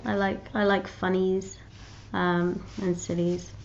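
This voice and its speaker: A woman vlogger talks casually to her viewers in a middle-pitched voice. She rambles, restarts her sentences and giggles often. The recording sounds dull and lo-fi. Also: level tone, takes it slowly. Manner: rambling, giggly, self-interrupting. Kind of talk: casual chat to camera.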